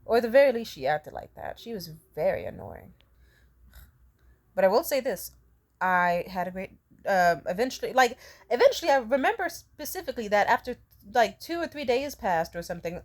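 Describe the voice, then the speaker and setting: A woman's voice: a little high, big pitch swings, brisk. A young adult woman telling a casual storytime vlog, rambling and profane, laughing often between sentences. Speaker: vlogger.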